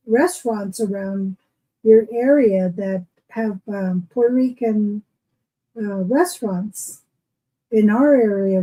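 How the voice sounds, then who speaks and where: A woman co-hosting a livestream, reading viewer comments and chatting slowly with many fillers. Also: on the high side, muffled recording. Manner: slow and hesitant, many fillers. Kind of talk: casual livestream chat.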